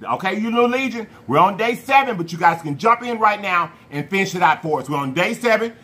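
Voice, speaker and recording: A man hosting a food challenge vlog, talking to viewers in an animated, playful way with slang and drawn-out hype calls. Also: sits high, slightly rough. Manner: slang-heavy, addresses viewers as y'all. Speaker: mukbang channel host. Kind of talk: casual vlog talk to viewers.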